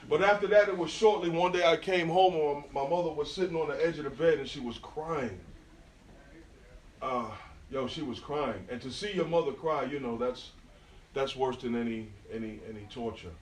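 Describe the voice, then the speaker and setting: A man's voice: fairly high pitch, moderate pace, slight background noise. New York man telling stories in an echoey room. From New York, USA. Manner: lively storyteller, street slang, asks the audience. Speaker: guest speaker. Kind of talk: storytelling artist talk. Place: indoor talk venue with audience. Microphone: phone recording from across the room. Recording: echoey room, phone mic far off.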